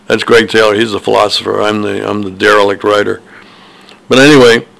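A man's voice: lowish voice, steady tone, brisk, creaky, fairly bright tone, rough recording. An older man, an author, telling personal stories in a meandering, hesitant monologue full of fillers and restarts. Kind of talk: rambling personal storytelling monologue.

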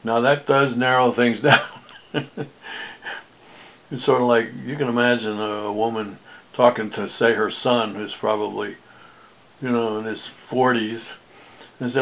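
Man in his seventies, gravelly rough voice, mid pitch, rambling casual monologue, self-mocking jokes, drifting asides. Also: expressive, normal speed, long pauses, a bit bright, poor audio. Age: 70s.

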